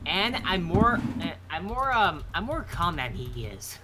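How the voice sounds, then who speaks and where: A man's voice: high-pitched, sing-song, a little slow, very noisy. A man chatting casually with friends on a stream, hesitant and stammering with repeated fillers. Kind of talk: casual group chat on a stream.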